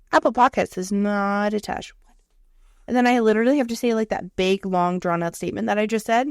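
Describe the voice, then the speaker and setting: A woman co-hosting a podcast, telling animated, profane stories in casual chat. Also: mid-range voice, quick pace, creaky, no echo, studio quality. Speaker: podcast co-host.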